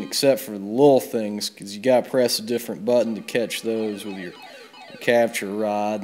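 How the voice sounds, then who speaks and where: A man hosting a video game let's play, telling a rambling comic bar story in a deadpan drawl with plenty of swearing. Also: fairly low pitch. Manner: deadpan drawl, swears freely, loud bursts on quoted yells. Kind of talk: comic rambling tall tale over gameplay.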